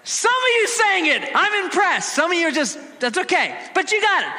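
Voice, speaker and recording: A middle-aged man preaches with a very high, animated voice. He plays to the crowd with jokes and snatches of song. His words ring out with the long reverb of a large church hall. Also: normal speed. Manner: playful, sings snippets of ad jingles to the congregation. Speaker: pastor. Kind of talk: sermon. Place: church sanctuary.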